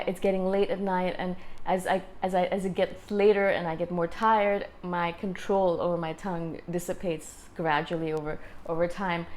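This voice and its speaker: A woman tells a personal story to her vlog audience in a loose, conversational way, poking fun at herself. Her voice sits at an ordinary middle pitch, and she slips into her own inner voice as she retells the moment. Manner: self-deprecating, animated retelling with inner-voice asides. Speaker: YouTube host.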